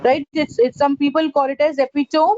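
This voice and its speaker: A woman teaching a pronunciation class, halting with fillers and repeating corrected words in a slow drill. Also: high-pitched, fairly even intonation, darkish tone, highs cut off. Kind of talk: online class lesson.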